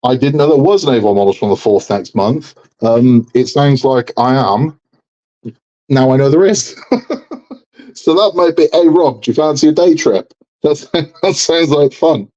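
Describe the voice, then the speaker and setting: A man's voice: mid-range voice, a little slow, warm tone, highs cut off. A man hosting a live model build stream, chatting casually and joking with frequent laughter. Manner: joking, rambling, laughs often.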